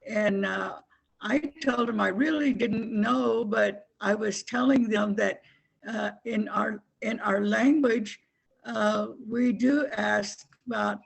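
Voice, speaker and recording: A woman's voice: mid-range voice, takes it slowly, vocal fry, husky, rough recording. A woman student asking a question in class, hesitant with many fillers. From Oklahoma.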